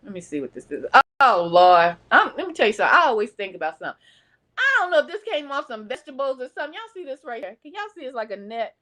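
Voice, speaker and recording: A woman's voice: on the high side, very animated, fast, sharp tone. A woman talking casually to her viewers as a vlogger, chatty and addressing them directly. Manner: chatty, talks straight to viewers as "y'all". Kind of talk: casual talk to camera.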